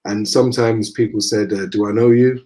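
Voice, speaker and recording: A man with a Northern English accent, a guest in a conversation, telling lively anecdotes and acting out the dialogue. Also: on the low side, a little fast. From northern England. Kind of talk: casual storytelling in conversation.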